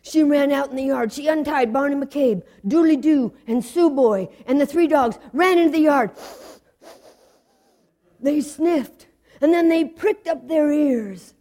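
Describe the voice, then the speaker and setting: Woman telling an old folktale, high voice, lively rhythm and sound effects. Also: measured pace. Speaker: storyteller. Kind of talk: folktale storytelling.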